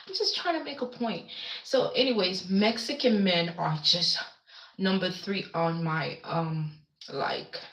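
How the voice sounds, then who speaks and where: A woman from the Caribbean islands hosts a casual livestream. She talks slowly and rambles from point to point, stopping to answer viewer comments. Her webcam audio has a roomy, echoey sound. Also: medium pitch, fairly bright tone. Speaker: livestream host.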